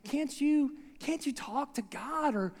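A preacher playing a frustrated biblical wife who aches for a child, in a raised, pleading voice that turns sharp and sarcastic. The sound rings with a long church-hall reverb. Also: high voice, expressive, takes it slowly, pitched above the performer's own voice. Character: exasperated biblical wife, woman longing for a child.

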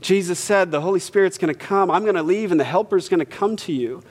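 A pastor telling a story in a sermon, acting out quotes and swinging from hushed to loud. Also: male voice, sits high, fast. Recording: church hall reverb.

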